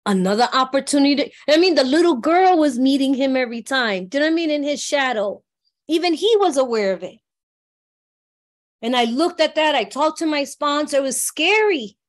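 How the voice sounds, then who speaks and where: A woman's voice: high voice, animated, brisk. A middle-aged woman from New York sharing a personal recovery story in a heartfelt, conversational way, often checking in with her listeners. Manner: heartfelt, conversational, often asks "you know what I mean". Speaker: workshop speaker.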